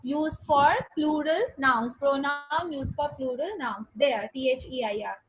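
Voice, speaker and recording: Woman, teacher, grammar lesson, high voice, patient, repeats and spells words out. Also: a little slow, rough recording. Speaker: English teacher.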